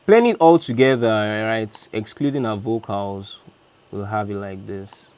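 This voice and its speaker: A man's voice: on the low side, a little slow. A man, a music producer, casually walking through how he built a beat, talking loosely and correcting himself as he goes. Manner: chatty, loose, self-correcting. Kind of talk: casual beat breakdown walkthrough.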